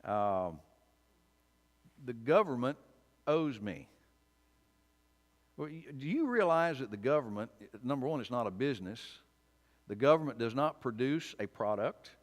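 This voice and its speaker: A man's voice: medium pitch, very animated, normal speed. A man preaching a conversational sermon and Bible study, informal and wry, often restarting his sentences. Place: church sanctuary. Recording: long church reverb.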